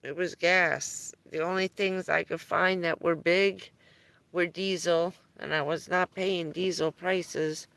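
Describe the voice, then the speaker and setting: A woman's voice: on the low side, fairly even intonation, slow, a bit bright, dry recording. A woman chatting casually on a live stream, telling rambling stories and chuckling often between phrases.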